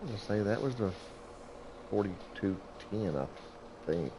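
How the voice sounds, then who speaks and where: A man's voice: on the low side, lively intonation, unhurried, background noise. A middle-aged man who hosts a gaming channel, telling a rambling story about himself over gameplay, folksy and chuckling often.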